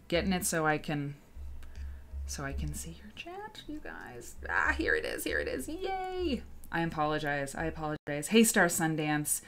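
Chatty woman host with a lowish voice. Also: fairly bright tone. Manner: chatty, rambling, greets viewers by name. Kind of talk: casual livestream chat.

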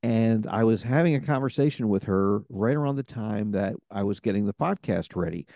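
A podcast host telling stories in a casual chat, rambling with many fillers. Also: male voice, lowish voice, lively intonation, moderate pace, vocal fry, dark tone, no echo, clean studio sound.

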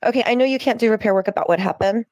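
A woman setting boundaries over the phone in a firm, measured, lecturing tone. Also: fairly high pitch, darkish tone, dry recording, studio quality. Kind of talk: calm therapy-speak argument.

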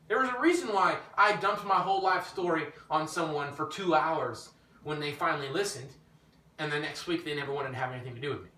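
Animated preacher man, bright echoey voice. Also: a little fast. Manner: animated, storytelling, rises in pitch when emphatic. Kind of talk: informal teaching sermon. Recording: echoey room, mic at a distance, faint background noise.

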